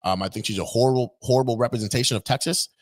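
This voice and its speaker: A man's voice: medium pitch, rapid-fire. A man hosting an opinion vlog, talking in an indignant, mocking, rambling way. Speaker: political commentator host.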